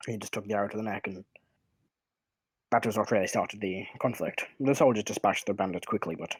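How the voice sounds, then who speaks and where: A low, husky male voice runs a tabletop game, answering questions in character. He talks in halting, hesitant bursts. The sound is close and dry. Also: no echo, poor audio. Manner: halting, plays NPCs in his own voice. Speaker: dungeon master.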